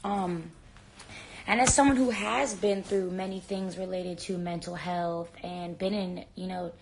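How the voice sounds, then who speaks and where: A woman's voice: lowish voice, fairly even intonation, unhurried, creaky, a little hiss or hum. A woman chatting casually on a phone live stream from a hotel room, rambling with lots of "like" fillers while she packs a bag. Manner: talks while packing a bag.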